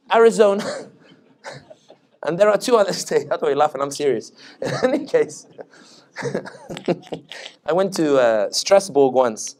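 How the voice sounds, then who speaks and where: A man's voice: on the high side, darkish tone. A man from Tunisia with a British accent, a political analyst giving a joking, anecdotal public talk at an Islamic center. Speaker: political analyst, guest speaker.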